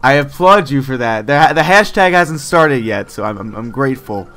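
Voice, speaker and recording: A man's voice: medium pitch, expressive, normal speed, a bit bright, faint music behind. A man playing a video game as a guest, chatting casually, rambling and joking, with lots of "like" and "you know". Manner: rambling and jokey, many "like" and "you know" fillers. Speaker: guest gamer.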